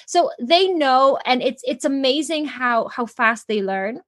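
A woman parenting coach answers interview questions in an earnest, explanatory way. She keeps giving examples from family life. Her voice is high and bright-pitched. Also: lively intonation, measured pace. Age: adult mother.

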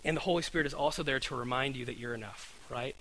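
A man's voice: mid-range voice, quick pace, fairly bright tone, slight background noise, poor audio. A man preaching a conversational sermon, earnest, often repeating words and asking his listeners "right?".

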